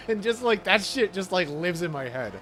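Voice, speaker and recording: A man's voice: sits high, animated, measured pace, a bit bright, faint music behind. A man chatting casually while speedrunning a game, laid-back, laughing often and swearing freely. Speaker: speedrunning streamer. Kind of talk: casual chat while gaming.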